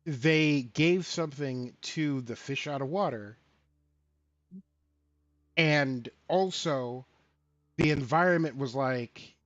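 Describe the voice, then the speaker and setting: A man on a show about tabletop games, talking in an animated and profane way and slipping into the voices of characters he quotes. His voice sits at an ordinary pitch and sounds dry and close. The audio is a little muffled, with faint music under it. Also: slow, long pauses, no echo. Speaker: podcast co-host. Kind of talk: casual tabletop game talk.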